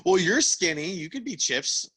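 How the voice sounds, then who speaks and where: A man's voice: sits high, very animated, bright, forceful tone, husky, low-quality recording. A young man co-hosting a comedy podcast, trading playful jokes. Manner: drawn-out, playful banter. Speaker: podcast co-host. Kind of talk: casual comedy podcast chat.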